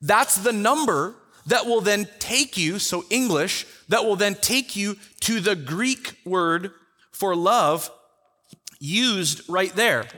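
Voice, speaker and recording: A man teaching a Bible study in a conversational way, telling the story with lively acted-out quotes. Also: sits high, slow pace, long reverb tail. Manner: animated storyteller who acts out the quotes.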